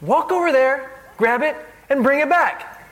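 A man's voice: extremely high pitch, lively intonation, a little slow, a bit bright, voice pushed up, heavily acted. A man putting on the voice of a film director who calls out to his crew and scolds them with humor. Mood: scolding. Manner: raised, calling out to crew.

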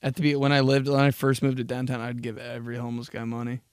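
Young dude ranting on his podcast, swears a ton, super animated, dry close sound. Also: mid-range voice, fast talker, smooth, no room sound. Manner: crude, animated, swears a lot. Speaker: podcast host. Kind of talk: casual solo podcast rant.

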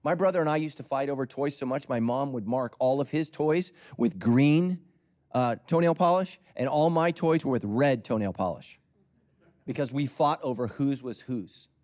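A man preaching a sermon as a pastor in a conversational, storytelling way, swinging from loud emphasis to near whispers. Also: mid-range voice, normal speed.

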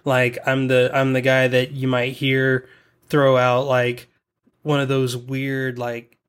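A man's voice: mid-range voice, monotone, clear, resonant tone. A man from the American South co-hosting a casual podcast chat, using lots of likes and fillers. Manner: unhurried, drawn out, with likes and fillers.

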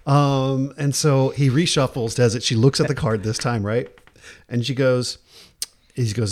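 A man on a casual podcast telling an animated story, acting out the people in it and laughing often. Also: mid-range voice, a little fast. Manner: acts out quoted voices, laughs often, restarts. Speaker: podcast co-host.

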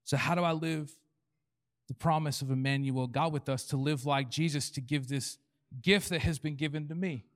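A Canadian pastor preaches with humor, acting out imagined prayers and God's replies in quoted voices. His voice is fairly high and steady, at a moderate pace.

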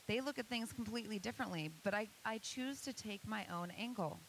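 Speaking at a church, this woman delivers a sincere motivational talk, peppering it with rhetorical questions. She has a medium-pitched voice and a fairly quick pace. The rough recording carries a little hiss or hum.

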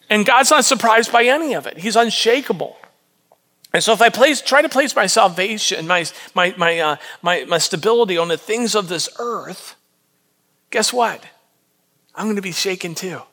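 A man with a high-pitched voice preaches to his congregation in a loose, conversational way. He reads scripture, then talks it through, often repeating and restarting his words. His tone is bright and forward, and he keeps asking the listeners questions. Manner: frequent repetitions and restarts. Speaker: pastor. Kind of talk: sermon.

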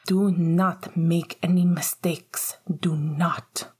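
A woman's voice: medium pitch, normal speed, darkish tone, natural voice. A woman voicing a cold, controlling upper-class mother who speaks in a clipped, icy way. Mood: hissing.

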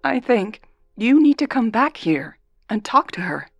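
A woman's voice: on the high side, sing-song, measured pace, creaky, no echo, faint music behind, voice pushed up, heavily acted. A woman voicing a tipsy, blunt young woman who slurs and speaks sharply in defense of her best friend. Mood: sharp, protective. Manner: slurring, sharp and protective. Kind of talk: audiobook character voice.

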